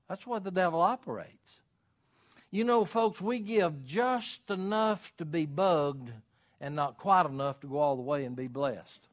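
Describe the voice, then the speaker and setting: A middle-aged preacher delivers a homespun sermon. His voice sits a little high for a man, and he drops to quiet, confiding asides before rising into loud, urgent appeals. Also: unhurried. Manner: folksy, swings from quiet asides to loud exhortation. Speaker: pastor.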